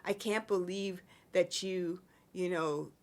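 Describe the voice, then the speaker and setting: A woman's voice: lowish voice, fairly even intonation, slow pace. A woman voicing a scornful evil alter-ego woman, scolding and contemptuous.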